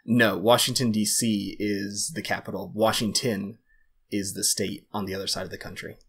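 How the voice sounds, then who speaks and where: A young man from the United States guesting on a casual podcast, his voice sitting on the low side. He answers in an easygoing, measured way, pausing to think. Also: flat delivery, vocal fry, a bit bright, husky. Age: 20s. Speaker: guest filmmaker. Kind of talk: casual interview chat.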